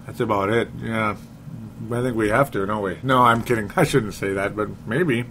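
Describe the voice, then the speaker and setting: A man's voice: fairly low pitch, normal speed, fairly bright tone, slight background noise. A man hosting a casual sports podcast. He reads listener comments aloud and laughs often. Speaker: podcast host.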